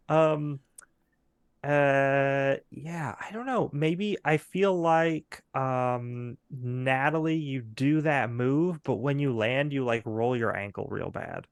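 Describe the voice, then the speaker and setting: A man's voice: medium pitch, slow pace, clear, resonant tone, no echo, studio quality. Rambling man running a tabletop game. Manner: rambling, many fillers, laughs often. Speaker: game master.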